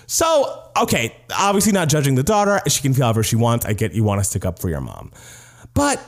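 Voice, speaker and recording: This young man co-hosts a casual chat show and speaks with a very lively, swooping pitch. He is gossipy and animated, and fills his talk with "like.". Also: brisk. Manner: animated, gossipy, heavy use of "like". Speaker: podcast co-host, actor.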